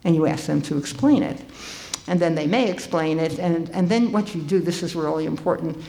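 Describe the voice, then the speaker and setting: Older woman, conference speaker; lively, conversational delivery with ums and restarts. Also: low-pitched, fairly quick, creaky. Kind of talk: conference talk. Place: conference hall.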